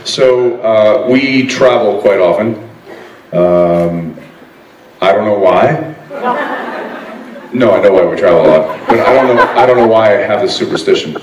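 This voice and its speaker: A man's voice: lowish voice, measured pace, pauses often, distant mic, dull audio. A man on a convention panel, teasing and laid-back as he answers audience questions. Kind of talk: joking panel banter. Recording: echoey hall with loud crowd. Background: loud audience noise.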